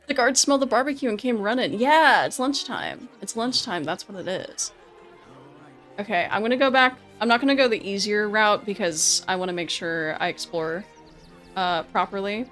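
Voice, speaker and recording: A woman streamer chatting casually over gameplay, laughing often and repeating herself when excited. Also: mid-range voice, moderate pace, pauses often, soft background music.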